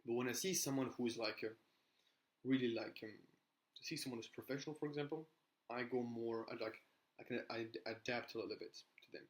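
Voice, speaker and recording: Young man coaching in a flat, even tone. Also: mid-range voice, a little fast, rough recording. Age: young adult. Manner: rambling, with frequent "right?" tags and restarts. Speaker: sales and business coach. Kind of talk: casual talking-head advice.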